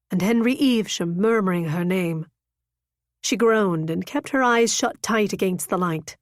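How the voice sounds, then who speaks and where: A woman reads a romance novel aloud in an intimate, measured way. Her voice sits in a middle pitch, neither high nor low. The recording is dry and close, with no room echo. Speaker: audiobook narrator. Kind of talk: scripted romance narration.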